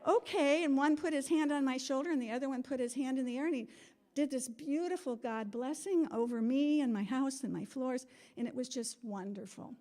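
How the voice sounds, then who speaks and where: A woman's voice: high voice, a little fast, warm tone. A middle-aged woman giving an earnest, meandering personal testimony to a congregation in a spiritual center, laughing often.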